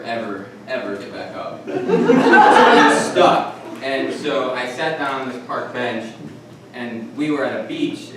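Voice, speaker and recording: A young man with a Detroit accent telling a rambling, self-mocking story at a live storytelling night, with halting restarts. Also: mid-range voice. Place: comedy club stage. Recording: echoey room from far off, noisy.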